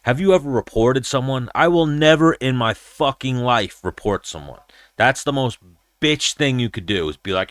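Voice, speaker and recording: A young man hosts a casual livestream in a mid-pitched, slightly bright voice, lively and at a moderate pace, with no echo. He rambles, swears freely, and tells stories, now and then slipping into impressions.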